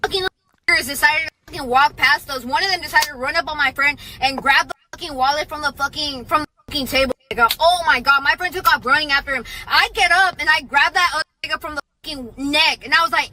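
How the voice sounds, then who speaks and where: A woman's voice: high voice, pushed and bright, a little hiss or hum, low-quality recording. A woman, a police officer, telling a story as a casual, heated rant full of swearing. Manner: profane, rapid, heated.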